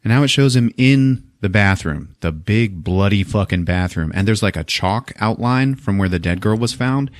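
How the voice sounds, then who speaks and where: A man's voice: fairly low pitch, moderate pace, hardly any pauses, no echo. A man hosting a podcast, recapping a film in casual chat and acting out the quotes with lots of swearing. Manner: animated retelling with acted-out quotes, swearing. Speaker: podcast host.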